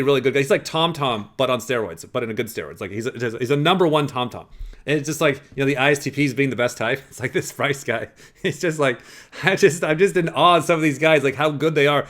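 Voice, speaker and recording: A man's voice: on the high side, a bit bright. A man hosting a casual commentary on a clip, rambling and profane, often restarting his sentences. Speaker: host.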